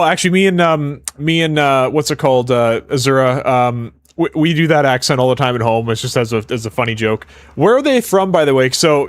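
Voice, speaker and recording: A young man with a Canadian accent talks through a game-building stream in a loose, joking, rambling way. His voice sits at a middling pitch and is recorded dry and close. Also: no room sound. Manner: casual, rambling, quick to joke. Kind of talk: live coding stream chat.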